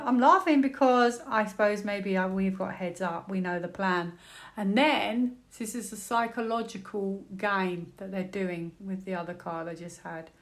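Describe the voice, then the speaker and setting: A British woman doing a tarot reading, thinking out loud, exclaiming and repeating words as she turns cards. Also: mid-range voice. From United Kingdom. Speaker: tarot reader.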